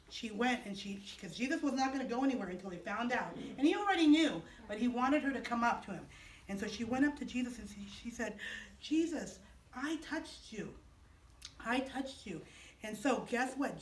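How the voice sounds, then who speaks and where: A woman teaching children in chapel, telling a story in an animated, expressive way with dramatic pauses and playful questions, heard from far off in an echoey room. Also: on the high side.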